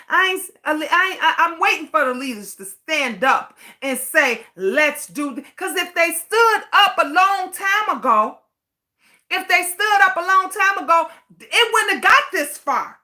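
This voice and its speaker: A woman's voice: high voice, pushed and bright. A middle-aged woman hosting a livestream. She rants with passion, repeats her points and swears freely while reading out viewer comments. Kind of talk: impassioned livestream rant.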